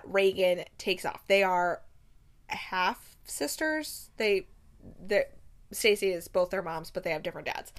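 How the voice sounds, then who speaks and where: A young woman talks through her recent reads in a loose, chatty way. She gushes openly and rambles, with plenty of fillers and false starts, at an ordinary mid-range pitch. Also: fairly bright tone. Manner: gushing, chatty, many fillers and restarts. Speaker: book reviewer. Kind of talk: casual book review chat.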